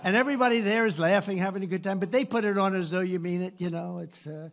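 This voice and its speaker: An older man giving a campaign rally speech from a stage microphone, rambling and repetitive, sarcastic, and swinging between loud and soft. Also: high-pitched, fast. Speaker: political candidate. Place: rally stage before a crowd.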